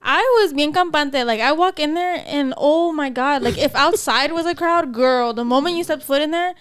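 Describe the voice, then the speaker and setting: A young woman co-hosting a podcast, telling a story in animated, chatty casual talk. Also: high voice, moderate pace, no echo, clean studio sound. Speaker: podcast co-host. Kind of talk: casual chat.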